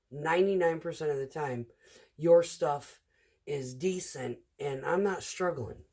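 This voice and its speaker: A woman's voice: sits low, unhurried, warm tone, husky. A middle-aged woman who drives a concrete truck, telling rambling work stories in a casual, chatty vlog full of fillers.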